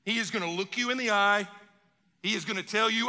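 A male pastor preaching a sermon in an animated way, acting out little dialogues. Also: sits high, a little fast, big-room sound.

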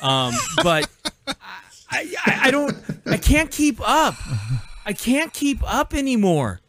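A man's voice: very high voice, huge pitch swings, slow pace, a bit bright. An older man co-hosting a political talk show who rants in an exasperated, profane tirade. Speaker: co-host.

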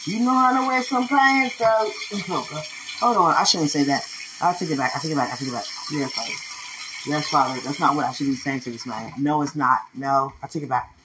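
A podcast host with a very deep female voice talks briskly in a casual monologue, rambling and emotional. She laughs often while addressing someone who isn't actually there. Background noise is audible.

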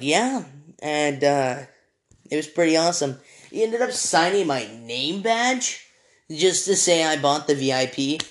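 A young man hosting a podcast, telling a story casually with many fillers, restarts and small apologies. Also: fairly high pitch. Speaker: podcast host.

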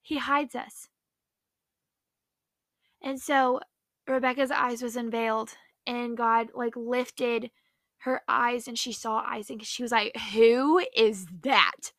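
A young woman with a bright, slightly high voice tells a Bible story to her viewers. She talks in a chatty, excitable way and fills her speech with "like". The sound is dry and close. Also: takes it slowly, long pauses, no room sound. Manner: excitable, chatty, heavy use of "like". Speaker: faith vlogger.

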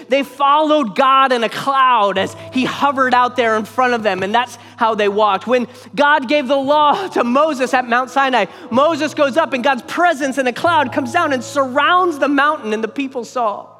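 High-voiced preacher in an echoing hall. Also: a bit bright. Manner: emphatic, repeats phrases for weight. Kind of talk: sermon. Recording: long hall reverb with faint music.

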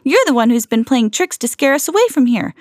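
A woman voicing a cheerful, brave male cartoon mouse, reading him in a high, squeaky storybook voice. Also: big pitch swings, a little fast, a little mellow, no echo, studio quality. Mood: eager.

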